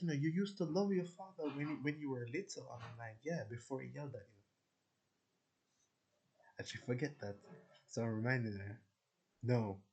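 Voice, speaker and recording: A man's voice: mid-range voice, warm tone, poor audio. A man venting to his viewers in a rambling, profane personal rant, full of restarts. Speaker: vlogger.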